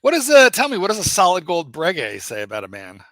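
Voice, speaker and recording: A man co-hosts a casual livestream and teases his partner with lively banter and frequent laughter. His voice is bright, slightly high and swings widely in pitch, recorded close and dry. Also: fast talker, no echo. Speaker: livestream co-host.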